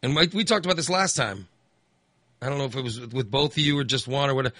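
A man's voice: medium pitch, fast talker, sharp tone, no room sound. A man hosting a call-in radio chat, rambling and acting out angry voters. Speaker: radio host.

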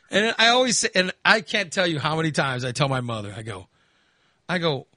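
A man hosting a talk show who tells a crude story in an animated, exasperated way and swears freely. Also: a little high, brisk, no room sound. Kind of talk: casual storytelling chat.

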